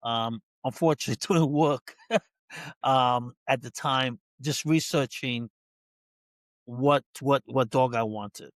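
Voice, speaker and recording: A man's voice: mid-range voice, slow, no echo. A man with a New York accent, a dog trainer chatting casually as a guest, laughing often and rambling through his story. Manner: laughing, rambling, self-interrupting. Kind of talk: casual interview chat.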